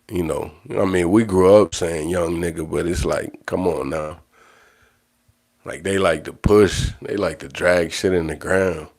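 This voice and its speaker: A man with a low, deep voice speaks in a casual livestream monologue. He is blunt and profane and circles back to repeat his points. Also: darkish tone. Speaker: livestream host.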